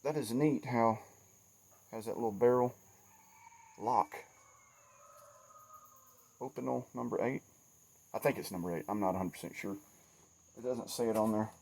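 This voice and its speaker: A man's voice: medium pitch, moderate pace, vocal fry, long pauses, a little mellow. A middle-aged man with a Southern US accent talking casually and folksily outdoors by a wooded trail, sweaty and a bit shaky after yard work. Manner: folksy, chatty, self-deprecating. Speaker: outdoors vlogger. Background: insects and crickets.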